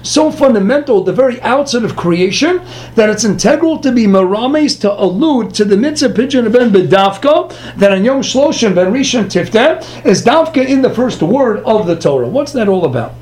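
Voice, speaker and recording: A man teaching a Talmud lesson, firing off rhetorical questions and answering them himself. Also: very high-pitched. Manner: animated, rhetorical questions, quick asides. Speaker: Torah teacher. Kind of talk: Talmud lecture.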